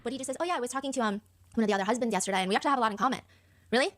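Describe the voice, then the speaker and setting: Fast-talking woman recapping gossip. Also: a little high. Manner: quick, chatty storytelling, reads out online comments. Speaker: co-host of a reaction show. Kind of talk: casual commentary recapping a reality show.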